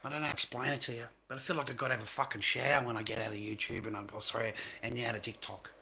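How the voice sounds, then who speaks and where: A man's voice: mid-range voice, little pitch movement, very fast, gravelly, sharp tone, a little hiss or hum. A man hosting a live stream, ranting heatedly in a profane and repetitive way to his viewers. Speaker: livestream host.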